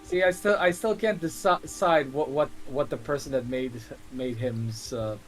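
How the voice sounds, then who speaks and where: A man's voice: mid-range voice, moderate pace. A man playing a tabletop game, chatting casually in a rambling way with restarts and frequent laughs. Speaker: player.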